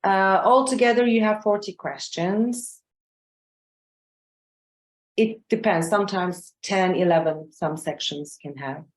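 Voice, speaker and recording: A woman trainer teaches a class over a video call at a middle pitch. She is patient and keeps checking in with "okay?" and "yeah?" Her voice carries a roomy echo. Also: takes it slowly, long pauses. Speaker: exam trainer. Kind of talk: live online class.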